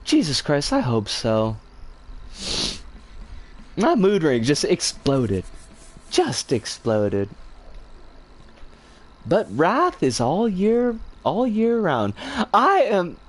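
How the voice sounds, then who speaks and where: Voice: mid-range voice, huge pitch swings, drawn-out words, long pauses. A middle-aged streamer chatting with viewers on a livestream, ranting in an exasperated, profane way with frequent sighs and laughs. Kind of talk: livestream chat, responding to viewers.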